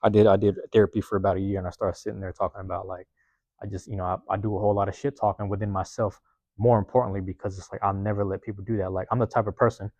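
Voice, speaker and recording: A man's voice: on the low side, flat delivery, racing, a little mellow, no room sound. A man hosting a podcast in a casual monologue, profane and rambling, often checking in with his listeners. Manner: profane, rambling, streetwise talk; self-reflective, keeps checking in with listeners. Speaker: podcast host.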